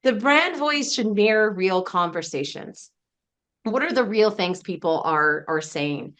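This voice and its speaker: A woman's voice: medium pitch, animated, a little slow, fairly bright tone. A woman business coach presenting a casual webinar, chatty and emphatic, often laughing between points.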